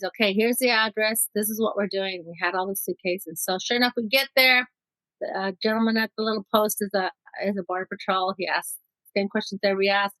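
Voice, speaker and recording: A woman's voice: a little high, fairly bright tone, dry recording, poor audio. A middle-aged woman from Mexico, a guest telling her own story in an interview, vivid and acting out what people said. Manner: vivid storyteller who acts out quotes.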